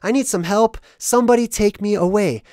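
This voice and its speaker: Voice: mid-range voice, a little fast, warm tone, no room sound, studio quality, voice pushed up, natural voice. A host mimicking a fed-up teenage girl. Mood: complaining.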